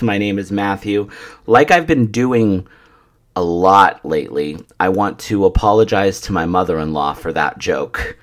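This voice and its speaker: A male podcast host with a deep voice, chatting through a comedic monologue. He is self-deprecating and swears casually as he talks.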